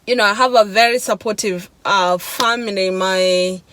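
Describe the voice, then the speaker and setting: A woman's voice: medium pitch, moderate pace, a bit bright, no room sound. A young woman vlogger telling a shaken, emotional personal testimony, repeating herself and slipping between laughs and near-tears.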